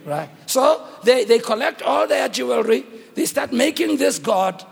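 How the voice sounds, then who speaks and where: A man preaching a dramatic sermon, acting out the dialogue with shouts. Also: very high-pitched, big pitch swings, a little slow, gravelly, husky, long reverb tail.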